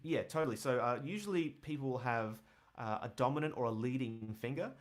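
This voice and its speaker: A man teaching bass in a casual livestream, rambling with lots of fillers as he answers questions. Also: brisk. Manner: relaxed, rambling, many fillers, counts and scats rhythms aloud. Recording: bass guitar playing behind.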